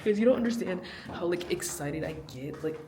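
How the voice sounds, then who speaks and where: A woman's voice: lowish voice, fairly quick. A young woman vlogging with a friend, giddy and squealing, laughing often. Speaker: dance vlogger. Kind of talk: casual chat. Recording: loud music behind.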